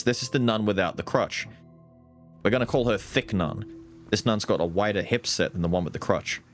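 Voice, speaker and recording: A man giving casual, animated let's-play commentary, thinking aloud and swearing casually. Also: on the low side, a little fast, soft background music. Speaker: gaming YouTuber.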